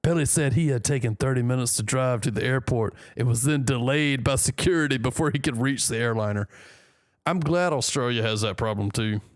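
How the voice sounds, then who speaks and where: A man's voice: medium pitch, no room sound, clean studio sound. A man from the United States reading a news story aloud and joking between lines in casual commentary. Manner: reads aloud haltingly, joking asides. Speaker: news reaction host.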